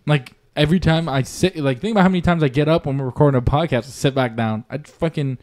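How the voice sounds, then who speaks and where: A man's voice: fairly high pitch, fast talker, a little mellow. A young man in his twenties co-hosting a podcast, in loose, swearing, laughing banter. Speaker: podcast co-host. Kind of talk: casual chat.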